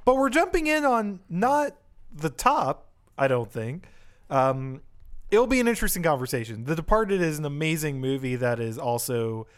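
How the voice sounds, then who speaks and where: A man's voice: on the high side, sing-song, normal speed, smooth. A young man co-hosting a casual film podcast, rambling and often restarting his sentences. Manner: rambling, self-interrupting. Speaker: podcast co-host.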